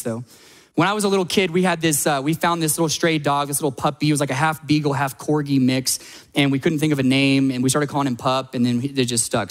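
A male pastor delivers a sermon in a slightly high voice, chatty one moment and rising into dramatic emphasis the next. His words ring out with a long reverb, as in a large church sanctuary. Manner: animated, conversational storytelling with dramatic swells.

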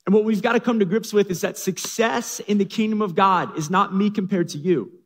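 A man's voice: sits high, a little fast. A man preaching a sermon as a pastor, with dramatic, humorous storytelling, in an echoey hall.

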